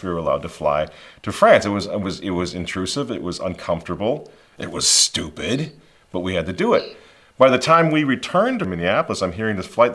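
A man hosting opinionated online commentary, animated and mocking, acting out the people he quotes. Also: medium pitch. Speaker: commentary host.

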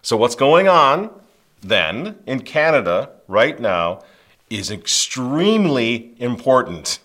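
A man's voice: medium pitch, sing-song, slow pace, a bit bright. A man hosting a political commentary, speaking emphatically in a preachy way and repeating phrases for stress. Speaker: commentary host.

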